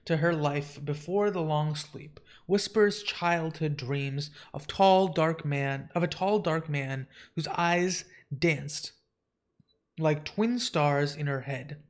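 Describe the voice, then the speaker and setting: A man reading a comic book aloud on a live stream in a fairly high voice. He narrates plainly and drops in casual asides. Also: takes it slowly.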